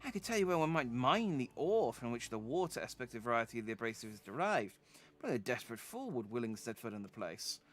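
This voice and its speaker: A man voicing a fussy, pompous elderly male parson in a video game, speaking in a long-winded, high, raised voice. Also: big pitch swings, fast, lightly acted. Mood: haughty.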